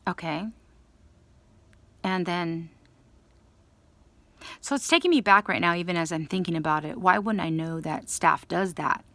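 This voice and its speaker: A woman with a gravelly, creaky voice tells a long personal story in a loose, rambling way. She acts out the lines of the people she quotes and keeps restarting and trailing off into asides. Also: lowish voice, a little slow, long pauses, no room sound. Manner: rambling, animated retelling with quoted dialogue. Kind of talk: casual storytelling monologue.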